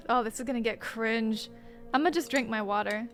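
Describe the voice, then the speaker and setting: A woman's voice: on the high side, normal speed, a bit bright, soft background music. A woman streamer giving casual, playful commentary with joking asides while playing a game.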